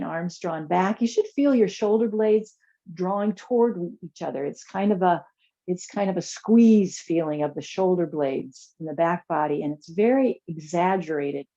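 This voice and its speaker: Woman yoga teacher, low mellow voice, calm soothing cues, slightly muffled recording. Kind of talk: guided chair yoga class.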